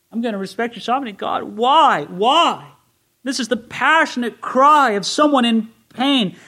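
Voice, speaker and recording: A man's voice: high-pitched, pushed and bright. A man preaching expository Bible teaching, reading scripture aloud with rising intensity and asking listeners direct questions. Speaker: pastor.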